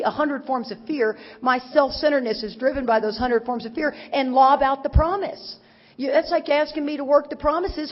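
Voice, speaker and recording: Middle-aged woman, raised in Texas, folksy recovery speaker; higher voice, muffled hall recording. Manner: animated and folksy, teasing the audience. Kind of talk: recovery talk to a crowd. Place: large conference hall. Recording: dull recording with long hall reverb.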